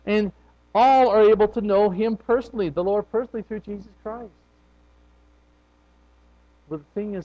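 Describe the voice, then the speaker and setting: A man preaching a sermon in a slightly high voice, talking in a loose, conversational way. His volume and pitch swing as he goes. The recording sounds dull and lo-fi.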